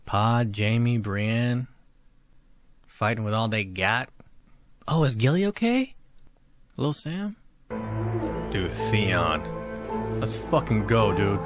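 A young man reacting to a show episode in casual commentary, excitable and swearing often, with sudden loud outbursts. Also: fairly low pitch, slow, pauses often, over music. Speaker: reaction video host. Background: show soundtrack playing.

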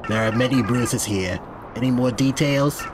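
A man's voice: medium pitch, normal speed, background noise, natural voice. A man voicing a curt elderly woman clerk in a horror game, asking questions in a dry, matter-of-fact way.

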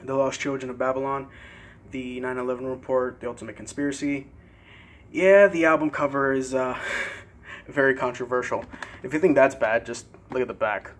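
A young man casually showing his CD collection in a vlog, relaxed and a bit hesitant, pausing over tricky words. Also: medium pitch. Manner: relaxed, hesitant with fillers and careful pronunciation. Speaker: vlogger. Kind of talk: casual CD collection show-and-tell.

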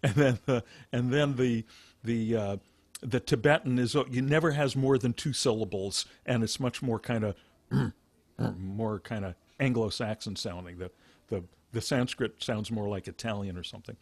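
Halting man teaching meditation, dry sound. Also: mid-range voice, darkish tone, no room sound. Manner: halting, restarts phrases, explains with plain examples. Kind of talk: dharma talk.

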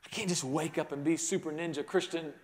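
Guy preaching in a big church, voice sits kinda high, goes soft then builds up loud, echoes around the room. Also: steady tone, brisk. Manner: swings from hushed to rising emphatic, with repeated restarts. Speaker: pastor. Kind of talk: sermon. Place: large church sanctuary.

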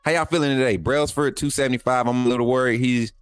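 A man's voice: medium pitch, fairly even intonation, fast talker, clear, resonant tone, no room sound, faint music behind. Chatty man hosting a live stream. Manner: chatty, repeats phrases, talks straight to viewers. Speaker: sports channel host. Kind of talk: live-stream sports talk with chat.

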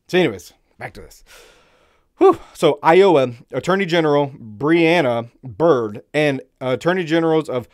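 Rambling, excitable male stream host. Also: a little high. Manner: rambling, repeats himself, fillers, excitable bursts; slows down when reading headlines aloud. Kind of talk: casual live-stream commentary.

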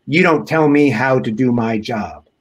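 A man voicing a burly police officer giving curt commands, in a husky voice. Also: mid-range voice, measured pace, close to an everyday voice. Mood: commanding.

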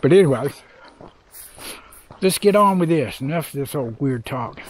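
This older male hiker vlogs from an outdoor trail, his fairly high voice expressive and moving at a moderate pace over a faint hiss or hum. He rambles sincerely and reflectively, struggling to keep from crying.

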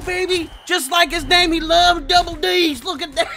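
A man doing casual, slangy commentary over a football video game, muttering low one moment and shouting with excitement the next. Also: moderate pace, vocal fry, few pauses, slight background noise. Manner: casual slangy trash talk. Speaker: gaming channel host. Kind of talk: live gameplay commentary.

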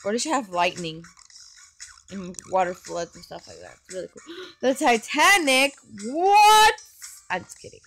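A woman giving casual gameplay commentary on her phone, excitable and full of gasps and exclamations. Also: lowish voice, moderate pace, gravelly, slightly rough. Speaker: gaming channel host. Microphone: phone microphone while screen recording.

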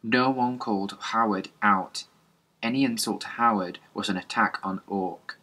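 A man's voice: fairly low pitch, a little slow, bright, forceful tone. A man reading a novel aloud as an audiobook, plainly, with small slips and restarts. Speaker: reader.

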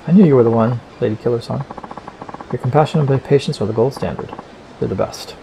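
A sweet, fawning young woman on the phone, read out by a man, gushing and overly polite. The read is gravelly and sits at a mid pitch, with game music underneath. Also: a little fast, warm tone, a little hiss or hum, lightly acted, low-quality recording.

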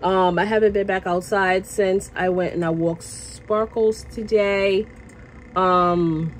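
A woman talks to camera from her workplace in an easy, chatty vlog style. Her voice sits at a middling pitch and she often repeats phrases. She gets passionate and loud at times, with faint ambient noise behind her. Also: fairly even intonation, takes it slowly, rough recording. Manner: chatty, repeats herself, tags lines with "okay?". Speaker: vlogger. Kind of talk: casual chat to camera. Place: at work, indoors.

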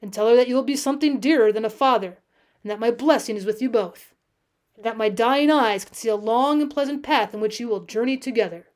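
A woman reading as a calm dying old hunter. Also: fairly high pitch, brisk, close to an everyday voice. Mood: solemn. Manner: solemn, pleading, archaic speech.

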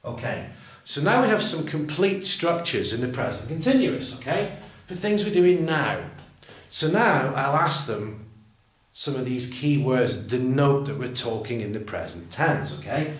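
A man explaining how he teaches English verb tenses, talking slowly and deliberately and drawing out his example phrases. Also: mid-range voice, animated. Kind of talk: teacher training walkthrough. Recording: roomy echo, voice far from the mic.

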